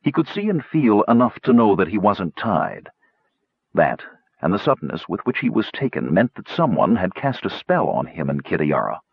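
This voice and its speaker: A man's voice: lowish voice, big pitch swings, moderate pace, creaky, slightly rough, no echo, dull audio. A man reading a fantasy novel aloud as narrator, with a dramatic, varied delivery. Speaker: audiobook narrator.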